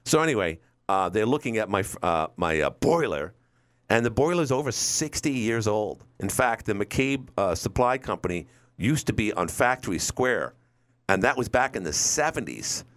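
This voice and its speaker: A man's voice: on the low side, lively intonation, moderate pace, a bit bright. A middle-aged man hosting a call-in radio talk show, rambling through stories and acting out quotes. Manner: rambling storyteller, acts out quotes.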